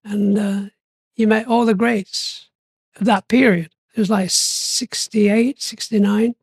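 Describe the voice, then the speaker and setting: An older man telling stories in an interview, animated and lively, often acting out what people said and laughing along. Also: sits high, slow pace, breathy edge, dry recording. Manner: animated, acts out quoted voices, laughs often. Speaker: interview guest. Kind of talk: storytelling interview.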